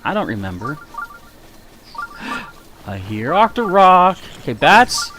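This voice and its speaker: A man's voice: fairly high pitch, very animated, slow pace, pushed and bright, faint music behind. A man streaming a video game live, chatting casually with viewers in a self-mocking way, with a slightly nasal voice. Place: warm room indoors.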